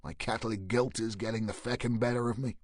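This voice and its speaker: A man voicing a tough middle-aged detective chief who talks gruff and blunt with an edge. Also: fairly low pitch, fairly even intonation, fast, dry recording, studio quality, natural voice. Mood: wry.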